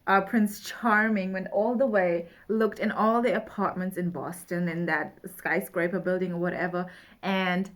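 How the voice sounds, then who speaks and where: A woman's voice: fairly low pitch, fairly even intonation, moderate pace. A young woman in casual chat, bluntly mocking a book she read. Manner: blunt, mocking, laughs often. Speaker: book reviewer.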